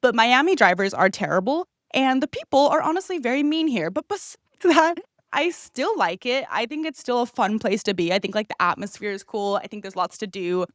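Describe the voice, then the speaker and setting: Young woman, from California, podcast host, casual ranting, cursing, high-ish voice, dry recording. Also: a little fast, no room sound. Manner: ranting, animated, swearing freely. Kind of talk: casual chat.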